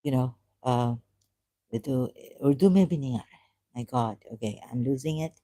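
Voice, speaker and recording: A woman with a Sindhi Khoja accent, talking on a live stream in a halting, rambling way, often searching for words and slipping into Hindi-Urdu. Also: rumbling low, mellow.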